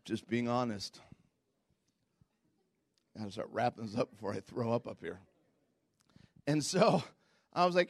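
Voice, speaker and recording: Animated self-mocking male pastor. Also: moderate pace, pauses often, no echo. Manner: animated storytelling, jumps into high squeaky voices for quotes. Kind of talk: sermon.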